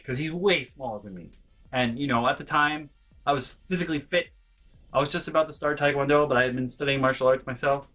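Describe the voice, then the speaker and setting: A young man telling a story about his school days in a casual, animated way, dropping to low mutters and jumping to sudden high yelps. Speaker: storytelling vlogger. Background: faint background music.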